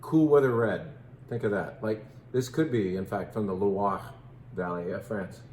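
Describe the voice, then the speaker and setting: A man in his fifties hosts a relaxed wine tasting in a lowish voice, chatty and quick with playful asides on pronunciation. The sound is roomy and echoey, with a faint hum of noise underneath. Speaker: wine shop host. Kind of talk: casual wine tasting talk.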